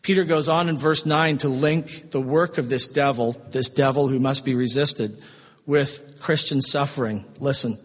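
Husky preacher in a reverberant hall. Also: male voice, medium pitch, steady tone. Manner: swings from loud emphasis to hushed, slow tender passages. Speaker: pastor. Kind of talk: sermon.

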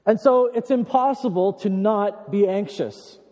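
A man preaching a sermon as pastor, earnest with dry humorous asides, slowing down and lifting his voice to stress key words. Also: sits high, mellow. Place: church sanctuary. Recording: long church hall reverb.

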